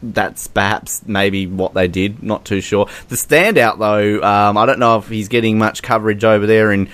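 A man's voice: on the low side, normal speed, fairly bright tone. A man with an Australian accent hosting a casual podcast chat in a joking, teasing way. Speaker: podcast host.

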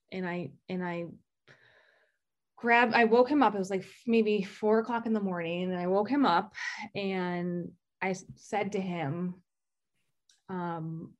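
A woman telling a candid personal story, halting and restarting often with fillers. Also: lowish voice. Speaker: guest sharing recovery story.

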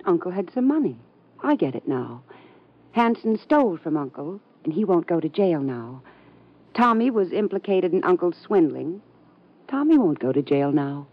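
A deadpan, low-voiced young woman. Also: normal speed, slightly rough, exaggerated voice. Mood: sardonic. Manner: dry, deadpan. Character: sardonic young woman, cool and mocking. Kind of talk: 1950s radio drama acting. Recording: dull lo-fi old radio recording.

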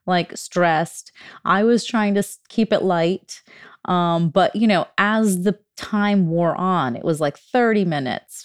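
Woman, host, lowish smooth voice, dry close sound, candid, conversational. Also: no echo. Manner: conversational, candid, laughs at herself. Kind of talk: casual interview chat.

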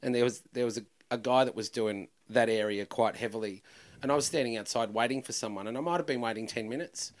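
A middle-aged comedian in casual chat, telling anecdotes and acting out the people in them. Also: male voice, mid-range voice, fast. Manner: animated, acts out voices in anecdotes.

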